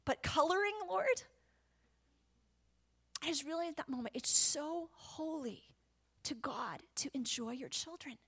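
High-pitched lady preaching, chatty and animated, whispers a lot, laughs a lot. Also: normal speed. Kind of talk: sermon.

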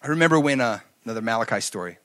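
A middle-aged man preaching a sermon, telling stories and swinging from loud to hushed. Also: medium pitch, animated, rapid-fire. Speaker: pastor.

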